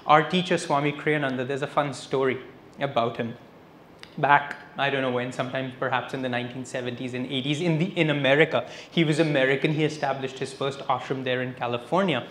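A man giving a public spiritual lecture, telling stories with a lively delivery and dropping in Hindi phrases. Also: mid-range voice, fairly quick. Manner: lively storyteller, switching between English and Hindi phrases. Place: lecture hall, indoors. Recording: echoey hall with faint noise.

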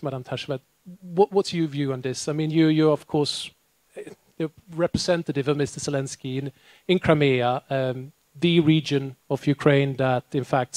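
A man's voice: fairly high pitch, a little mellow, dry recording. A man moderating a panel discussion, speaking politely and hesitantly with fillers.

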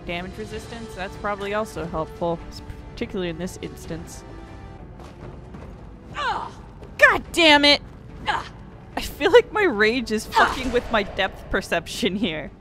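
A young woman giving gameplay commentary at a desk microphone, swearing constantly and breaking into angry shouted outbursts. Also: medium pitch, sing-song, moderate pace, soft background music. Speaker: let's play host.

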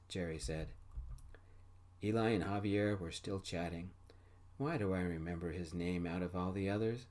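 A man gently narrating a first-person story in a soft-spoken ASMR style. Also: low-pitched, normal speed.

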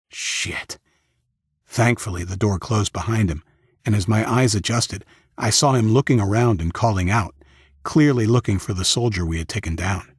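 A man narrating a first-person audiobook in a steady, even storytelling manner. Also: fairly low pitch, husky, dry recording, clean studio sound.

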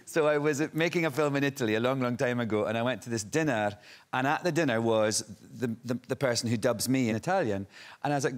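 A man's voice: mid-range voice, a little fast. A man telling a comic anecdote as a talk show guest, laughing through it and doing voices. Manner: animated, laughs through his story, does voices. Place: TV studio with audience.

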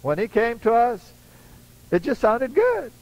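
Older male preacher, folksy sermon storyteller, high and very animated delivery. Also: unhurried, highs cut off. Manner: acts out voices in his stories, chuckling asides.

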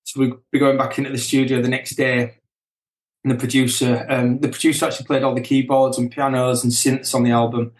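A middle-aged man and band member chatting casually as a guest, relaxed and chuckling, often restarting his sentences. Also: medium pitch, fairly quick, reverberant. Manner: relaxed, chuckling, self-correcting. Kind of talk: casual chat.

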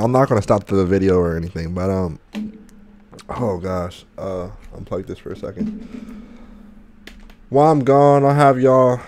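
Here a gaming YouTuber, young and male, talks in a somewhat low, mellow voice as he plays. Winded and stung by hot wings, he keeps groaning and joking in between his exclamations.

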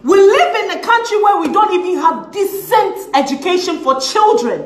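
A woman with a Ghanaian English accent vents to camera in a high voice that leaps up and down as her indignation builds. She is sarcastic and hammers her points by repeating phrases, now and then slipping into Twi. The sound is roomy and echoey. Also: animated, moderate pace, hardly any pauses. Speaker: vlogger. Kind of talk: impassioned rant to camera. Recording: echoey room.

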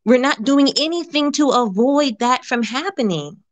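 Earnest woman caller with a higher voice. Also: lively intonation, normal speed, no echo. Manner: earnest, repeats words as she thinks. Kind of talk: call-in conversation.

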